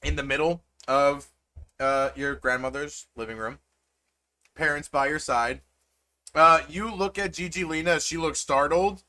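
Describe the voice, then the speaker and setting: A man's voice: fairly high pitch, unhurried, sharp tone. A man narrating as game master, rambling with many fillers and restarts.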